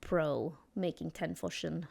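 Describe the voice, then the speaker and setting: A woman's voice: low-pitched, fairly even intonation, takes it slowly, gravelly, a little mellow. A woman narrating as game master in a chatty, laughing way.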